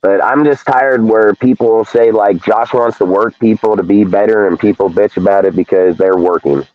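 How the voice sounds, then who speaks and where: A man's voice: on the low side, steady tone, moderate pace, no echo. A man ranting bluntly about pro football pay on a live sports talk show, heavy with profanity and emphatic repeats. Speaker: podcast co-host. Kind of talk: heated sports talk rant. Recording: thin phone-like call audio, dry.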